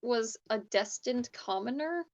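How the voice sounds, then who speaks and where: A woman's voice: a little high, animated, measured pace, darkish tone. A woman who plays in a tabletop game, chatting in an amused, giggly way after the session. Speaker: player. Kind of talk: casual post-game chat.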